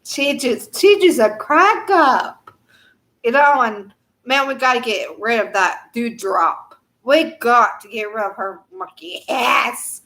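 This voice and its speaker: A chatty woman with a fairly high voice hosts a casual live chat from home. She rambles from one thought to the next, laughing often and trailing off into fillers. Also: lively intonation, slow pace, bright, forceful tone.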